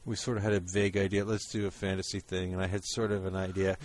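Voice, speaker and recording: A man's voice: deep voice, fast talker. Laughing man chatting about his show. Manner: laughs often, animated retelling of jokes. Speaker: podcast co-host. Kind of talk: casual chat.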